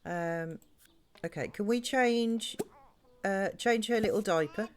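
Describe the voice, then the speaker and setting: A woman's voice: medium pitch, slow. A woman chatting her way through a live-streamed life-sim game, rambling between the game and her viewers. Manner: chatty, rambling, talks to chat and game characters. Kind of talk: live-stream gameplay chat.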